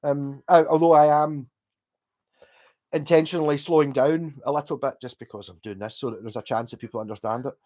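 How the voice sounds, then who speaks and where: A man's voice: on the high side, fairly even intonation, a little fast, a little mellow. A Scottish man hosting a livestream, chatting casually in a rambling way with restarts and the odd swear. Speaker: livestream host.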